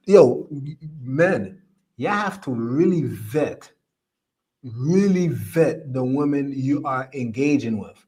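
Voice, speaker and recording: Male streamer host, slightly high voice, preachy and emphatic, repeats lines for effect. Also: a little mellow. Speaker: podcast host reading live comments. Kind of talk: opinionated live-stream commentary.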